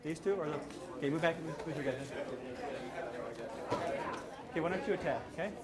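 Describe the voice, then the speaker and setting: A man's voice: fairly high pitch, fairly quick, over a noisy crowd. A male self-defense instructor coaching a hands-on class with short, repeated commands.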